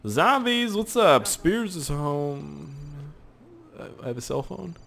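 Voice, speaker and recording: A young man giving let's play commentary, excitable and profane, yelling at the game. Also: on the high side, takes it slowly, gravelly, a little hiss or hum. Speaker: gaming youtuber.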